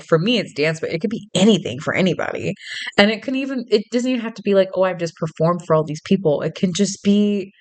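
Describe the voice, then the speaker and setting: A woman's voice: mid-range voice, a little mellow. A woman vlogging in a casual, chatty storytelling monologue, laughing often and restarting her sentences. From suburbs, grew up in.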